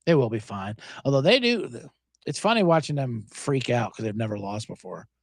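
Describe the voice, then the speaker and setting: A man's voice: mid-range voice, big pitch swings, normal speed, no room sound, clean studio sound. A man hosting a sports betting show, chatting casually in a rambling, sarcastic way with frequent swearing. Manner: rambling, profane, sarcastic asides. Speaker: sports betting podcast host. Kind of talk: casual solo chat.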